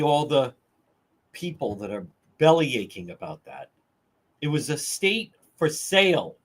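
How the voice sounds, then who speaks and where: Husky, lively talk radio man. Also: fairly high pitch. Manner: rambling, repeats phrases for emphasis. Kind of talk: live talk radio livestream.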